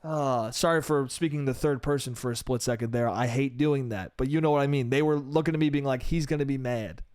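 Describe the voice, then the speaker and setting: A man's voice: medium pitch, fairly even intonation, fairly quick, darkish tone, no echo, studio quality. A young man hosting a solo podcast, telling a story in a casual, profane style full of "bro" and "dude".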